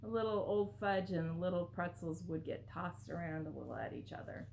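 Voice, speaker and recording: A woman's voice: fairly low pitch, expressive, moderate pace, creaky, darkish tone, slight background noise. A woman vlogger chatting casually to camera while opening gifts, gushing and exclamatory.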